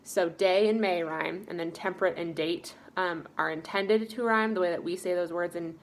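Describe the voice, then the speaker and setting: A woman's voice: fairly low pitch, fairly even intonation, moderate pace, a little hiss or hum. A young woman with an American accent teaching a class, upbeat and explaining step by step with frequent ums. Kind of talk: recorded class lesson.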